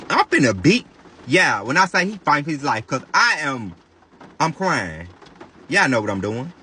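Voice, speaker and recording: Animated, bright-voiced man telling a story. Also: on the high side, a little hiss or hum. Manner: animated, profane, dramatic storytelling. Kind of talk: storytime vlog addressing viewers.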